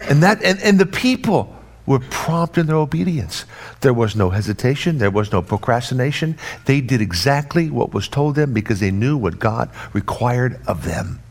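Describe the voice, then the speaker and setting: A man preaching a sermon in an emphatic, repetitive cadence, swinging between raised and hushed delivery. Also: mid-range voice, animated, moderate pace.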